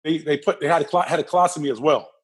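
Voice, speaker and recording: A man being interviewed, telling a personal story with lively energy and acting out the other people's lines. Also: a little high, very fast, breathy edge. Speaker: interview guest.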